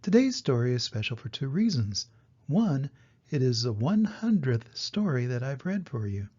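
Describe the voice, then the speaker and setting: An older man reading a children's storybook aloud, gentle and expressive, in a dull lo-fi recording. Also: mid-range voice, gravelly, breathy edge. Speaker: storybook reader.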